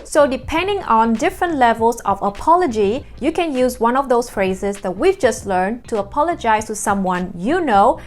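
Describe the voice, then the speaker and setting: Woman, fairly high voice, language teacher, slow careful repeats, soft music behind. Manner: slow, careful repetition of example phrases. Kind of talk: scripted language lesson.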